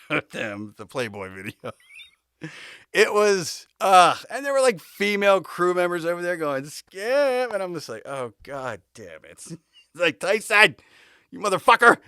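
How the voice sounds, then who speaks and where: A man telling stories on his own podcast, his pitch swinging widely as he acts out the people in them. He swears casually and laughs along with his own tales. The recording is dry and close, with no room sound. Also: dry recording. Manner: animated storyteller acting out quoted voices, laughing. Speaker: podcast host. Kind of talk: casual storytelling.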